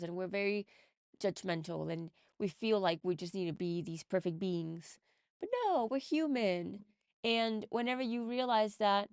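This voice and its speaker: Earnest woman motivational podcast host, smooth resonant voice, dry recording. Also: medium pitch, no echo. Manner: earnest, encouraging, emotional. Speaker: mindset coach and podcast host. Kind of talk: motivational monologue. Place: home recording setup in the UK.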